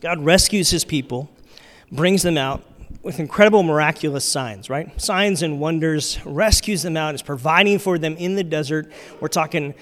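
A man's voice: on the high side, normal speed, a bit bright. A middle-aged man, a pastor, preaching in a conversational, candid, self-deprecating way. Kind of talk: sermon. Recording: hall reverb.

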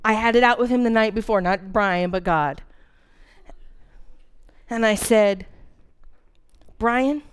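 A woman's voice: medium pitch, takes it slowly, long pauses, clean tone. A woman in her forties preaching a sermon, earnest and candid, telling a personal story with dramatic emphasis. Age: 40s.

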